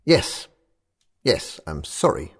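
A man's voice: deep voice, sing-song, slow, husky. A man narrating a first-person audio story in clipped, tense fragments.

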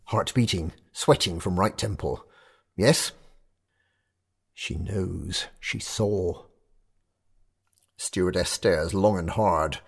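Tense, husky male storyteller. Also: sits low, takes it slowly, pauses often. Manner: clipped, tense, fragmentary. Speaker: narrator. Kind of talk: first-person present-tense audio fiction.

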